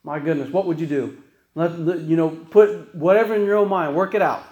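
A man's voice: fairly high pitch, brisk, a little mellow, lo-fi sound. A man preaching a conversational sermon, telling stories with frequent asides to the congregation. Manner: folksy storytelling, frequent "right?" asides. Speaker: pastor. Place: church sanctuary. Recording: echoey church room.

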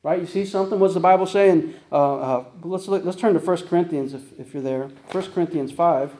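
Male pastor, fast conversational sermon, mellow voice, echoey church room. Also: on the high side. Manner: conversational, repeats "right?" and "guess what?".

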